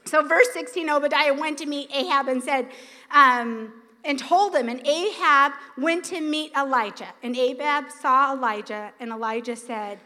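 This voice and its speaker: A woman pastor preaching a sermon, retelling scripture in an animated way with acted quotes. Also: high-pitched, moderate pace, in a large hall. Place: church sanctuary.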